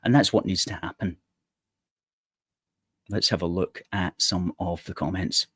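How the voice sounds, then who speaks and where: A man's voice: deep voice, steady tone, measured pace, fairly bright tone, husky, no echo. A man hosting a political commentary show, reading out news items with sarcastic, indignant asides.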